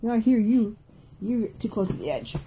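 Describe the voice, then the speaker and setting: A woman's voice: fairly high pitch, very animated, moderate pace, warm tone. A young Southern woman with a Southern accent, coaxing her toddlers in a sing-song, playful way while filming them on a bed at home. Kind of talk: home video chat with toddlers. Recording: noisy home phone recording.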